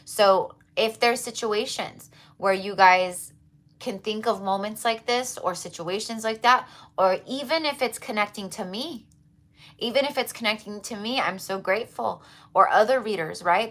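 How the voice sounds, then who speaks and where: A woman's voice: medium pitch, moderate pace, a bit bright. A woman hosting a tarot livestream, chatting casually and effusively to her viewers with lots of fillers and repeats.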